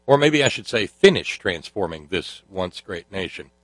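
A man's voice: deep voice, sing-song, moderate pace, no echo. A man hosting a talk show, delivering a sardonic monologue full of fillers and restarts. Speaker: host.

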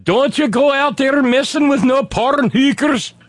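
A man doing a high-pitched impression of a scolding elderly mother. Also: unhurried, dry recording.

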